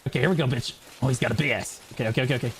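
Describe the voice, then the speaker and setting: A man streaming an online game, commenting live and swinging between shouted trash talk and low muttering. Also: very fast, slight background noise.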